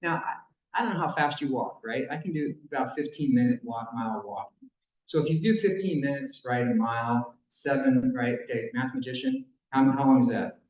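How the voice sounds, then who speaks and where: A man's voice: mid-range voice, moderate pace, a little mellow. A man giving a conversational talk at a banquet, retelling a Bible story with joking asides to the audience. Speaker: banquet speaker. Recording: echoey room.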